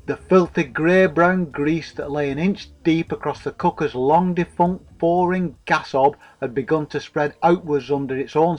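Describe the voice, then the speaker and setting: A man's voice: on the high side, darkish tone, low-quality recording. A man narrating a comic story in a wry, profane way.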